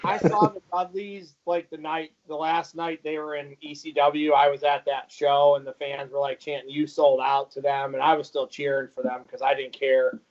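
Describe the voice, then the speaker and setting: A man's voice: on the high side, flat delivery, moderate pace, hardly any pauses. A middle-aged man in a casual podcast chat, telling stories in a chatty, self-mocking way. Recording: dull lo-fi sound.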